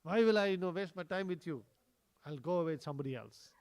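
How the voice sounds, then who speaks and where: A man's voice: fairly high pitch, lively intonation, quick pace, darkish tone. A man voicing a vain young wife who brushes off her dying husband in a story told during a sermon. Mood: dismissive. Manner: dismissive, brushing him off.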